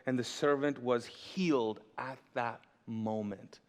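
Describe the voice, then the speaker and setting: A pastor preaching a sermon in a church, animated and jokey, often asking the audience to fill in words. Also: male voice, mid-range voice, moderate pace. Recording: long church reverb.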